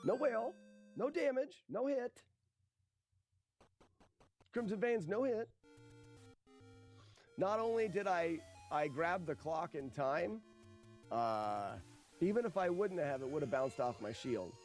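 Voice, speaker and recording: Lively high-voiced male game streamer. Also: slow pace, pauses often, faint music behind. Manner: chatty, talks viewers through his route. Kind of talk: live gameplay commentary.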